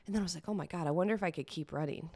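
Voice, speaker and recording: A woman's voice: lowish voice, very fast, a little mellow, no echo. A woman hosting a personal solo podcast, talking candidly and chattily, teary-eyed at times. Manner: candid, emotional, chatty with fillers. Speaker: podcast host.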